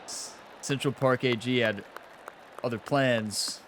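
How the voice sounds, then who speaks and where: A young man hosting his own golf video game channel, chatting casually over gameplay, laughing often and swinging between frustration and excitement. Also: mid-range voice, takes it slowly, a little hiss or hum. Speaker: gaming channel host.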